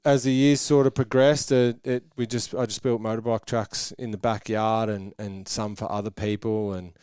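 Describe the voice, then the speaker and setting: A man's voice: lowish voice, flat delivery, moderate pace, darkish tone, clean tone, dry recording, clean studio sound. A man in his thirties with an Australian accent, a guest telling long rambling stories in a casual podcast interview and acting out what people said. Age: 30s. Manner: rambling storytelling with voiced quotes. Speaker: guest, track builder.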